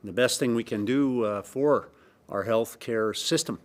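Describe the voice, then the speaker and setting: A middle-aged man with a Canadian accent, giving a measured, emphatic government press briefing statement with frequent pauses. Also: medium pitch. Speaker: provincial premier.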